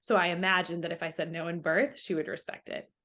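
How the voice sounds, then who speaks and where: A woman's voice: lowish voice, steady tone, fast, a bit bright. Young woman chatting as a guest, lots of likes and ums, quoting people as she goes. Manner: chatty, many fillers, quotes others in her story. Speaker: interview guest. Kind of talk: casual interview storytelling.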